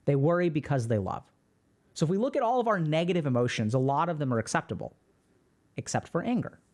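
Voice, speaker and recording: A man hosting a stream, reading a viewer's post aloud and explaining his thoughts in a calm, reflective way. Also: a little high, quick pace. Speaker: host.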